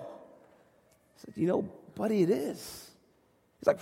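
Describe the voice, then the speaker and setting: High-voiced pastor preaching in a reverberant hall. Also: male voice, lively intonation, normal speed, long pauses, darkish tone, husky. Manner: storytelling, acting out a dialogue with his young son; conversational, with many restarts. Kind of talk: sermon.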